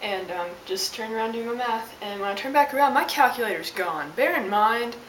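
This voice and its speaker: A young woman vlogger tells an exasperated, sassy story in a casual rant, her voice a little high, expressive, and slightly fast. The mic is distant, with a roomy sound and audible hiss.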